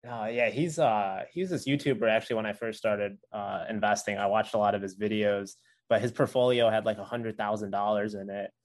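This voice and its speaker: A man's voice: on the low side, fairly even intonation, a little fast. A man who runs an investing channel, talking in a loose, rambling way with many filler words during a casual chat with another creator. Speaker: investing YouTuber. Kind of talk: casual conversation between creators.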